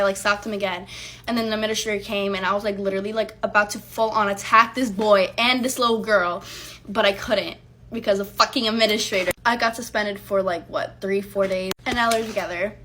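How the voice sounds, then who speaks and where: A woman's voice: mid-range voice, steady tone, a little fast, pushed and bright, a little hiss or hum. A young adult woman telling a casual storytime, heated and profane, acting out what she said back then. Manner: heated, profane and emphatic, acting out her own lines.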